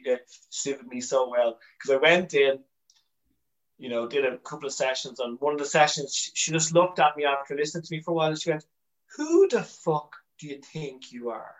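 An Irish man, a comedian guest on a podcast, telling candid stories with animated energy and frequent swearing. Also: a little high, rough recording. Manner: animated storyteller, swears freely, restarts often.

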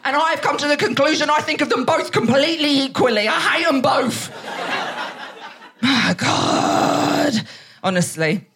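A woman performing brash, sweary stand-up comedy on a theatre stage, telling stories fast to a live audience. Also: high voice, a bit bright.

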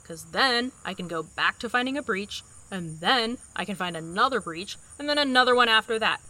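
A woman's voice: medium pitch, lively intonation, moderate pace, bright, forceful tone, no room sound, rough recording. A woman playing a brash, impatient young explorer who talks bluntly, swears and uses dry sarcasm in an audio drama. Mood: sarcastic.

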